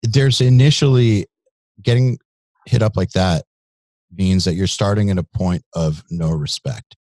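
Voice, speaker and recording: A man's voice: low-pitched, unhurried, darkish tone, no room sound. A man speaking as a podcast guest in casual interview chat, candid and blunt. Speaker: podcast guest, company CEO.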